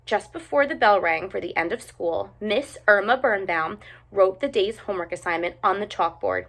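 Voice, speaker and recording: A woman reading a picture book aloud with expressive, animated narration. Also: mid-range voice, moderate pace. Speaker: storyteller.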